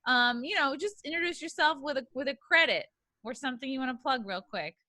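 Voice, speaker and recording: A woman's voice: high voice, lively intonation, fairly quick, bright, forceful tone. A woman hosting a casual comedy podcast, bubbly and upbeat as she tells stories and runs the game. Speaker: podcast host.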